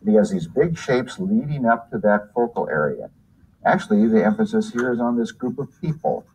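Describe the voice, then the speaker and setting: A man's voice: mid-range voice, wildly swooping pitch, fairly quick, gravelly, darkish tone, a little hiss or hum, low-quality recording. A man teaching art in a hands-on demonstration, talking unhurriedly while he works and pointing things out as he goes.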